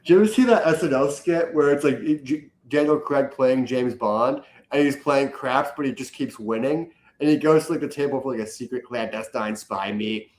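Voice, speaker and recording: A young man from the US East Coast, a podcast guest telling stories in an animated, joking way. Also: mid-range voice, moderate pace, hardly any pauses, roomy sound, low-quality recording. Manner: animated storyteller, jokey, acts out quotes. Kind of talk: casual chat.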